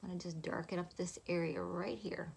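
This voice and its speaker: Soft-spoken, gravelly woman doing makeup. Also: fairly low pitch, steady tone, brisk. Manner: soft-spoken, often half-whispering, chatty. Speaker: makeup vlogger. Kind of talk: makeup tutorial narration.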